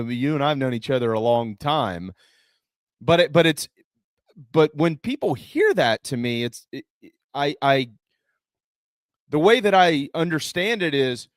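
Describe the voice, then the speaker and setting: A man's voice: a little high, fairly bright tone, no echo, studio quality. A man hosting a casual sports talk, earnest and stumbling over his words.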